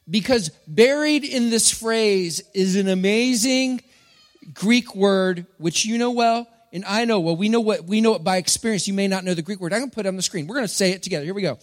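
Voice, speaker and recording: Preacher with a high voice. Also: male voice, expressive, normal speed. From Texas. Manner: playful, joking with the congregation. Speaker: pastor. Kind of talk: sermon. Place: church hall. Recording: long hall reverb.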